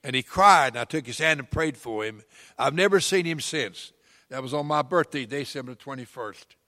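Older preacher in a reverberant hall. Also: male voice, on the high side, normal speed. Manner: folksy storytelling, swelling to loud emphatic pleas. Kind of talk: sermon with personal story.

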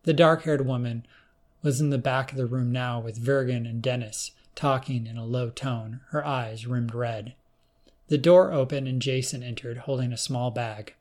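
A man narrating a first-person story in a measured, plain storytelling manner. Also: medium pitch, fairly even intonation, darkish tone.

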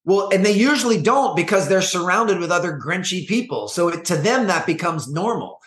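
A man being interviewed as a guest coach, talking in an earnest, measured way with frequent restarts. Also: high voice, animated, a bit bright, reverberant. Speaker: podcast guest, performance coach. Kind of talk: conversational interview.

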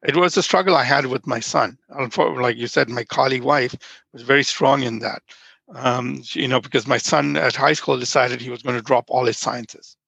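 A man's voice: mid-range voice, moderate pace, creaky, sharp tone, husky, no room sound. A man in his fifties from Nigeria, a podcast guest telling rambling stories in casual conversation. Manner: rambling storyteller, frequent restarts.

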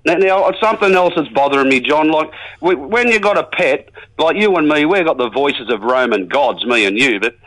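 Fields: Figure: chatty rural bush bloke, played by a man. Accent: Australian. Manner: rambling, folksy, jokey. Pitch: a bit high. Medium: comedy radio sketch. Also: lively intonation, normal speed, hardly any pauses, a bit bright, poor audio. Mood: matey. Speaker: regular caller.

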